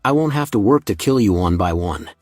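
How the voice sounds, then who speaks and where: A man's voice: fairly low pitch, lively intonation, brisk, dry recording, studio quality, soft background music. A man voicing a cocky, ruthless assassin who mocks his enemies in a story recap. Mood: mocking. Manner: mocking, self-assured.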